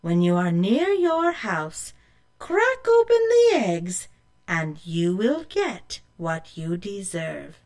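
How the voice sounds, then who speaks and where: Storybook crone, older, stern and mysterious, measured warnings, lively ups and downs, read by a woman. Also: lowish voice, full character voice.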